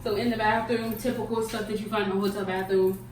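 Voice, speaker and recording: This young woman talks fast in a medium-pitched voice with fairly even intonation. Recording herself on a phone at the airport and in a hotel room, she keeps things chatty and playful, saying "guys" and "y'all" to the camera, and the audio is noisy.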